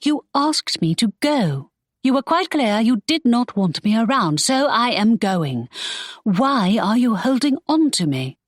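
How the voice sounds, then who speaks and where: A woman's voice: fairly high pitch, sing-song, unhurried, no echo, pitched above the performer's own voice. Give me a woman playing a spirited, indignant young woman in an audiobook, in a dry close recording. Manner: exasperated, protesting. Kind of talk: audiobook character voice.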